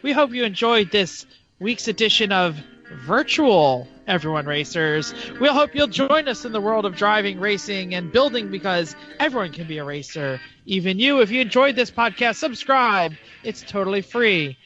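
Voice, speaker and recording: A man hosting a podcast, giving an upbeat, jokey sign-off with an animated delivery. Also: high voice, normal speed. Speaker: podcast host. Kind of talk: podcast outro. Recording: dull lo-fi sound with faint music.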